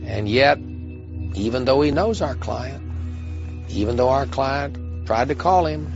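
A defense attorney with a gravelly voice builds his case point by point in a deliberate way. He speaks at a middling pitch in a documentary interview. Clear music plays underneath. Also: expressive, highs cut off.

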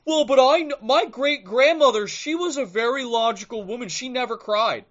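A man's voice: moderate pace, fairly bright tone, lo-fi sound. A man mockingly voicing a whiny objector who insists on exceptions, in a raised, sneering tone. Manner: mocking, high nasal whine.

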